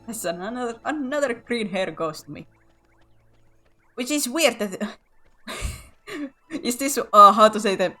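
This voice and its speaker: A woman's voice: a little high, animated, unhurried, pauses often, pushed and bright, soft background music. A woman streamer chatting casually over a game, giggling and tripping over her words. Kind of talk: casual gameplay chat.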